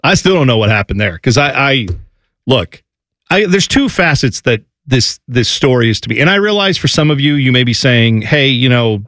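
A man hosting a sports talk show, opinionated and animated, sometimes slipping into exaggerated impressions. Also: medium pitch, normal speed, no room sound. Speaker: sports radio host.

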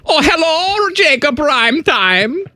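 A man putting on a high, fawning sing-song voice, the kind used to coo at a child. It leaps up and down in pitch and draws words out slowly. The sound is dry and close. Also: sing-song, bright, forceful tone, no room sound, full character voice. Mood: sing-song teasing.

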